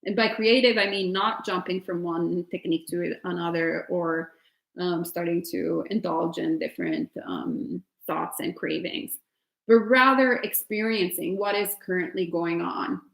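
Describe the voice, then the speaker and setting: A woman's voice: fairly low pitch, lively intonation, measured pace, vocal fry, fairly bright tone. A woman with an Italian accent, a meditation teacher answering retreat questions in a chatty way with lots of fillers and laughter. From Italy. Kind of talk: casual Q&A at an online retreat. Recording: roomy echo.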